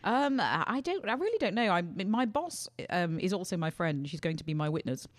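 Woman, co-host, casual comedic chat, giggly and dry, swooping lively voice. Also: fairly low pitch, brisk, no room sound. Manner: dry, giggly, self-deprecating.

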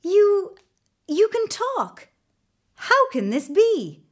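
Earnest young storybook hero, a woman reading, bright-eyed and eager, slow. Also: high-pitched, very animated, voice pushed up. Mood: alarmed. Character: young man, kind-hearted and easily startled. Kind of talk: storybook narration.

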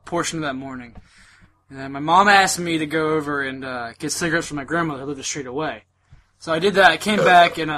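Young male podcast host, slightly high, bright tone, halting and emotional delivery. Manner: earnest, halting, many fillers. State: emotional, holding back tears. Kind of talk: casual chat.

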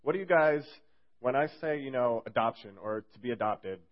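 A man's voice: medium pitch, lively intonation, moderate pace. A young man giving a casual youth sermon as a fill-in speaker, rambling and joking with lots of fillers. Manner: rambling and jokey, heavy on fillers. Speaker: youth group speaker filling in. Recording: dull lo-fi recording.

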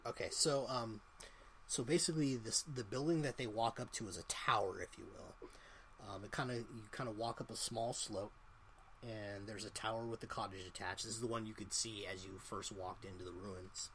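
A man's voice: lowish voice, steady tone, moderate pace, fairly bright tone, slight background noise. A man narrating as game master in a tabletop game, casual and rambling with lots of fillers.

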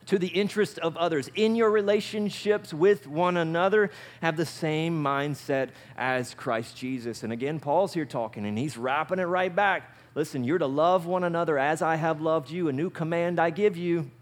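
A male pastor preaching a sermon in an animated way, often asking his listeners questions. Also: fairly high pitch, normal speed, hardly any pauses. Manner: animated, asks the audience questions.

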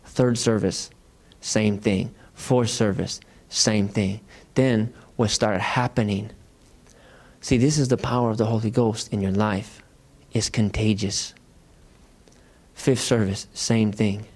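A male pastor preaching a sermon in a lively, conversational storytelling manner in church. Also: on the low side, slow pace.

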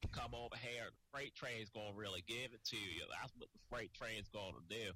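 A man doing an impression of a blustering, trash-talking male wrestler, delivered as a slow, threatening promo drawl. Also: on the low side, bright, forceful tone.

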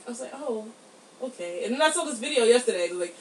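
A woman co-hosting a podcast in casual chat, giggly and animated, swearing freely. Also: a little high, racing, distant mic. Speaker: podcast co-host. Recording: roomy, from off the mic, faint ambience.

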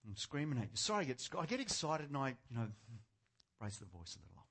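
A man preaching a sermon, passionate and theatrical, jumping from shouted points to quiet, sarcastic asides, on a mic clipped near his chin. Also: mid-range voice, very animated, fast. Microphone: clip-on or headset mic near the chin.

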